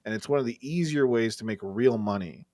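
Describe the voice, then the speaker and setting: A man's voice: mid-range voice, brisk, dark tone, no room sound, studio quality. Rambling, cursing man on a gaming podcast. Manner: rambling, profane, candid. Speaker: podcast co-host. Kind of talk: casual chat.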